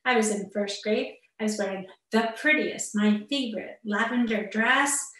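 A therapist speaking earnestly and personally to parents in an online talk, with muttered asides, heard over a video call. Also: female voice, medium pitch, moderate pace, fairly bright tone. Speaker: therapist giving a parenting webinar. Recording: echoey room, far from the mic.

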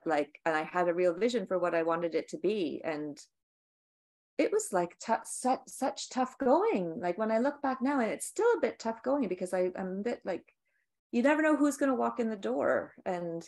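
A woman who runs a bar, talking in a casual conversation and telling stories in a lively, animated way. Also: on the low side, fairly quick. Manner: animated storyteller, acts out quotes. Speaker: bar owner.

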